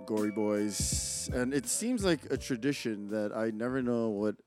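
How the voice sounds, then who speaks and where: A man's voice: on the low side, animated, a little slow, over loud music. A man co-hosting a podcast in casual, rambling chat, swearing and telling stories among friends. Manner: rambling, swearing, laughing storytelling. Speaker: podcast co-host.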